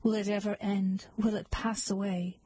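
A woman voicing a sad young maiden who laments her absent love in a soft, murmuring voice. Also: medium pitch, flat delivery, moderate pace, breathy edge, no echo, lightly acted. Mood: mournful.

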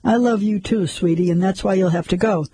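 A man's voice: high-pitched, a little fast, mellow, slightly rough, dry recording. A man voicing a desperate middle-aged husband, speaking urgently and frantically in a storybook reading. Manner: tense, pleading, frantic.

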